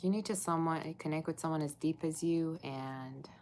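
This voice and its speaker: A woman with a low voice hosts a live tarot reading. She chats with her viewers and now and then slips into a soft whisper. Faint background noise sits under her voice. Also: normal speed. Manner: chatty, talks to viewers in a live chat. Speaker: tarot reader.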